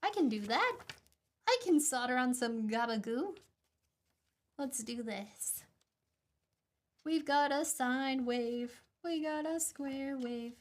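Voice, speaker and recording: Young woman on stream, high bright voice, giggles a lot and rambles while soldering at her desk. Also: lively intonation, slow, long pauses. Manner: giggly, rambling, self-mocking. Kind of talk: casual chat while soldering.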